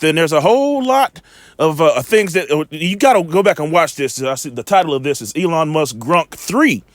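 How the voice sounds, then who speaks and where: A man's voice: high-pitched, a bit bright, no room sound. A man giving preaching-style Bible commentary in a video, emphatic and firing rhetorical questions at his listeners.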